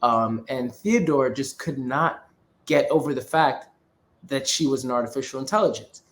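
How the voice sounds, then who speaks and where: A man's voice: mid-range voice, normal speed. Guy cohosting a podcast, rambly, lots of likes and ums, medium voice. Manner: rambling, frequent filler words, laughs easily. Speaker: podcast co-host. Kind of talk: casual film analysis chat.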